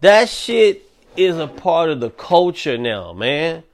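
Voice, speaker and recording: A young man hosting a solo podcast, ranting in a profane, animated way. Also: a little high, unhurried. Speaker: podcast host.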